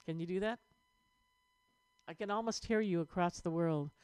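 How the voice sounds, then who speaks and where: A woman choir director leading an online vocal warm-up lesson, upbeat and encouraging as she demonstrates breathing exercises. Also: lowish voice, moderate pace, clean tone, no echo.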